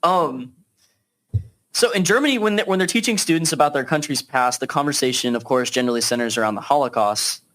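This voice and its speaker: A man's voice: medium pitch, fairly bright tone. A man hosting a podcast, leading a casual political discussion with frequent fillers. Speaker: podcast host.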